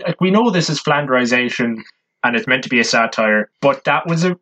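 A man in casual podcast conversation, with an ordinary mid-pitched voice. He jokes a lot and talks in a relaxed way. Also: brisk. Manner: laughs easily, joking. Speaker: podcast co-host. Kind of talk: casual chat.

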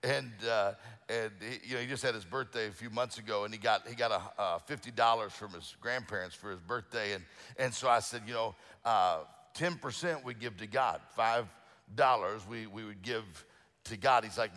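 A man's voice: medium pitch, a little fast, fairly bright tone, in a large hall. A middle-aged male pastor preaching a sermon, telling folksy stories with lots of restarts and fillers. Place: church sanctuary.

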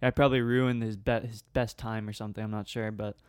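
A young American man, a podcast host, telling a story in an animated, slangy way and laughing often. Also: lowish voice, fast talker, clear, resonant tone, no room sound, studio quality. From United States. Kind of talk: casual storytelling chat.

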